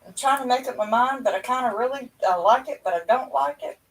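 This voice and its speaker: Middle-aged lady rambling on a webcam stream at home, kinda high voice, sits back from the mic. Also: fast. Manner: chatty, rambling, folksy. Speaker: livestream host. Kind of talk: casual chat to viewers. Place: at home indoors. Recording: voice a bit far from the mic.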